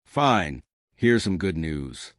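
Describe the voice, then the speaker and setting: A man voicing a calm, deadpan female secretary, speaking slowly. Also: sits low, no room sound, clean studio sound, exaggerated voice.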